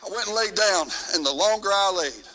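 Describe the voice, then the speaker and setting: A man telling a missionary story in a sermon, folksy and animated, going from shouting to hushed. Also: sits high, a little fast, low-quality recording. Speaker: missionary preacher. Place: church sanctuary.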